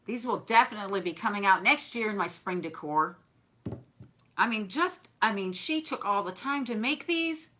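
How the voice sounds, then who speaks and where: A chatty woman with a bright, forceful voice shows off gifts from her viewers. She gushes over every little thing in a warm, effusive, casual way. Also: medium pitch, animated, normal speed. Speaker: craft and decor vlogger.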